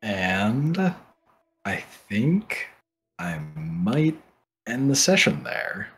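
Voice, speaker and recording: A man with a somewhat low voice narrates a tabletop role-playing session as game master. He keeps a calm, measured delivery. Faint music plays underneath. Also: breathy edge.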